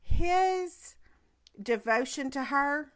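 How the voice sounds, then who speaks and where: Woman podcast host, bright tone, lively, gushing. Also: high voice, drawn-out words. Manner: gushing and enthusiastic. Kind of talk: casual chat.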